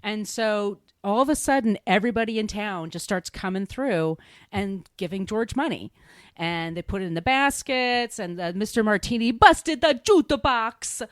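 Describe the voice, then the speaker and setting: A woman's voice: mid-range voice, expressive, moderate pace, no room sound. A woman podcast host recapping a film in a chatty, rambling way, laughing at herself. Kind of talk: casual movie recap.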